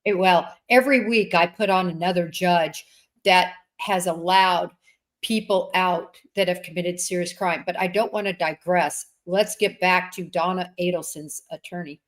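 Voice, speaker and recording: A woman hosting a casual interview on a video call. Her voice sits on the lower side and she talks in halting bursts, restarting her sentences as she goes. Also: fairly even intonation, a bit bright. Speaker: host, former FBI agent.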